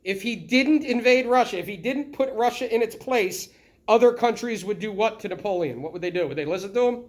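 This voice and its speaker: A middle-aged man teaching a history lesson in a classroom, lively and constantly checking in with the students by asking questions. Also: high voice, a little fast. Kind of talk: classroom lecture.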